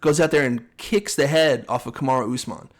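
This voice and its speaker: A young man co-hosting a casual chat show. He talks quickly and with firm opinions, often slipping into quick impressions of what coaches said. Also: mid-range voice. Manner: fast, opinionated, acts out coaches' lines in quotes. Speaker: podcast co-host.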